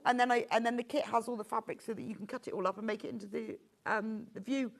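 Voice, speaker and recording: A woman's voice: fairly high pitch, fairly bright tone. Lady hosting a live sewing shop show, chatty, gushy, middle aged. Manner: chatty and enthusiastic, gushing over products. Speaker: shopping channel presenter. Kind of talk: live sales presentation.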